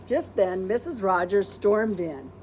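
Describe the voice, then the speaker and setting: A librarian reads a children's storybook aloud with gentle, expressive storytelling. Her pitch moves up and down a great deal, keeping the tale lively for young listeners. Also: unhurried, slight background noise.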